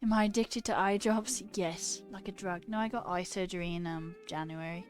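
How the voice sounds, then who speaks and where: A woman's voice: fairly low pitch, moderate pace, soft background music. Chatty, self-mocking woman streamer. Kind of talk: casual livestream chat while coding.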